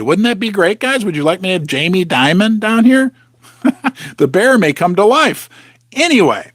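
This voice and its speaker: This man's voice is high-pitched and somewhat bright, captured in clean, echo-free studio quality. As host of a precious metals channel, he delivers loose commentary from his basement at home, talking straight to his audience, tossing in sarcasm and mumbling under his breath.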